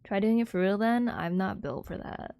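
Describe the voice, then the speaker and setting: A young woman livestreamer chatting casually with viewers in a soft, airy, giggly way, rambling with lots of fillers. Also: mid-range voice, normal speed, clean tone, no room sound, clean studio sound.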